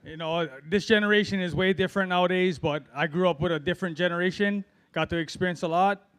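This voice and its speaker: A middle-aged man from Hawaii doing an open-mic stand-up set, rambling through stories with lots of fillers and pauses. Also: high-pitched, a bit bright, clear, resonant tone. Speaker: amateur stand-up comic.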